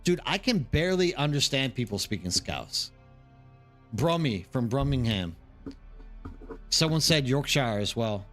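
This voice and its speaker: A man's voice: mid-range voice, big pitch swings, measured pace, pauses often, fairly bright tone, soft background music. A tired man from the Houston area, chatting casually as a livestream host and rambling with lots of "like" and "dude". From Texas, Houston area. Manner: rambling, chatty, says "like" and "dude" a lot, reads the chat aloud.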